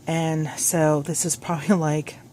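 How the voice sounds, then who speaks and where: Crafting vlogger, woman, low pitch, rambling and self-correcting, phone mic with faint hiss. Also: flat delivery, measured pace, mellow. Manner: chatty, scattered, self-correcting. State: a little out of breath at the start. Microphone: phone clipped on, hands-free.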